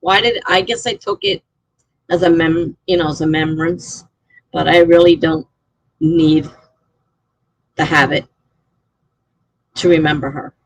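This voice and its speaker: Middle-aged lady rambling on her live stream, husky and kinda low, dry close mic. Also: a little slow, long pauses, rough recording. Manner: rambling, chatty storytelling with many fillers. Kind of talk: casual chat.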